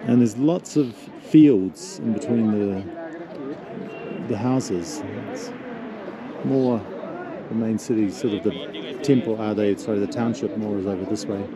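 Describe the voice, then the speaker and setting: A man's voice: lowish voice, measured pace, pauses often. Awed man vlogging outdoors among crowds. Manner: reflective, softly awed, musing. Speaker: tour leader and vlog host. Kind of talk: casual travel vlog narration. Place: outdoors in a high mountain town. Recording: outdoor street crowd behind.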